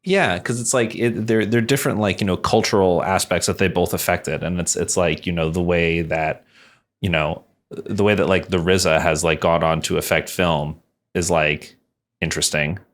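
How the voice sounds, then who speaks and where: A man with a very low-pitched voice chatting on a podcast. He works his thoughts out slowly and hesitantly, circling back with fillers and false starts. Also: fairly even intonation. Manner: hesitant, thinks aloud with many fillers. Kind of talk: casual chat.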